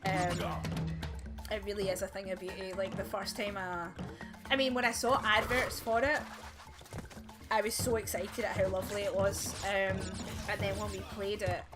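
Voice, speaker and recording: A woman's voice: mid-range voice, steady tone, moderate pace. A woman chatting casually as she plays a video game, rambling with plenty of fillers and little laughs. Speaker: let's play gamer. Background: game music.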